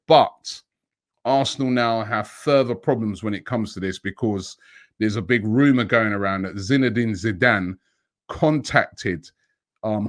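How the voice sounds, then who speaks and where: A middle-aged man with a slightly low voice talks through transfer news on his daily show. He thinks aloud, fills gaps with "you know" and keeps posing rhetorical questions, like a relaxed solo broadcast.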